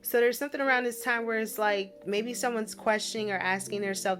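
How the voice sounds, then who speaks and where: A woman's voice: a little high, fairly even intonation, brisk, fairly bright tone. A woman giving a casual spiritual message reading, chatty and repetitive, often checking in with the listener. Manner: chatty, repeats tag questions like "right?" and "okay?". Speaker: spiritual reader.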